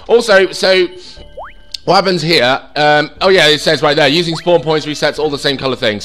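A gaming channel host gives let's play commentary, casually swearing and reacting as he plays. He's excitable and sweary, with his voice jumping in pitch.

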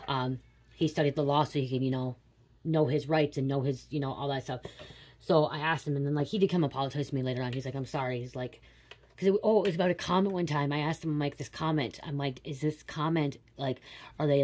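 A woman in her late thirties talks through a psychic reading in a low voice. She rambles quickly and confides, with casual swearing dropped in. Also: a little mellow. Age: 30s. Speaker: tarot reader.

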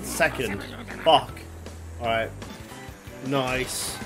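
A man giving excitable, swear-heavy let's play commentary, yelling at the game as he plays. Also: medium pitch, extremely slow. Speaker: gaming YouTuber. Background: game music.

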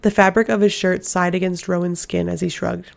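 A woman narrating a fantasy novel as an audiobook reader, in a steady, even reading voice. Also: lowish voice, fairly quick, creaky.

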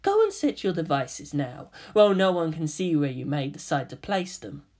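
Reader doing a calm menacing half-angel teen boy, cold, quiet, hushed and threatening, lively pitch, fan-fiction reading. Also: normal speed.

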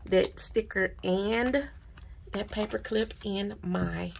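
A woman vlogging casually at her desk about budgeting supplies and mail she received, gushing and repeating herself when excited. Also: mid-range voice, takes it slowly, creaky, a little hiss or hum. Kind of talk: casual unboxing vlog. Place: home desk.

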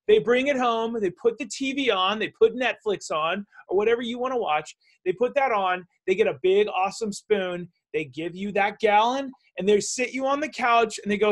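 High-voiced man telling animated stories. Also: normal speed, few pauses. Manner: animated, acts out quoted voices. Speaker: show host. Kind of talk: conversational storytelling interview.

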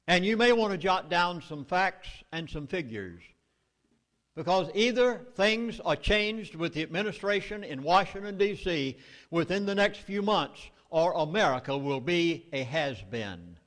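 A man's voice: high voice, expressive, a little slow, fairly bright tone, long reverb tail. Emphatic Southern man speaking at a meeting. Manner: emphatic, urgent warnings. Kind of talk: public speech.

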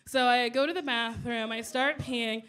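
Bright high-voiced woman telling a comic story. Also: normal speed, smooth. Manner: animated, playing out voices of people in her story. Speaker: stand-up comedian. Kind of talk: stand-up storytelling.

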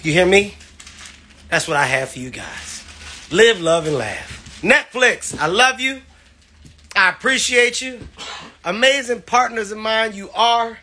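A man, a comedian, streaming live from his home on his phone, loud and playful, swearing constantly and laughing between his lines. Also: sits high. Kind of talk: hyped, profane live-stream rant.

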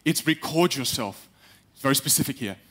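A young man giving a live talk on stage, animated, acting out little quotes and speaking straight to the audience. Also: medium pitch, brisk, husky. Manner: animated, acts out quotes, addresses the audience directly.

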